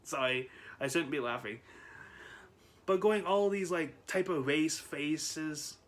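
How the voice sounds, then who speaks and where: A man's voice: on the high side, expressive, slow pace. A man vlogging in casual chat, rambling with frequent laughs, restarts and fillers.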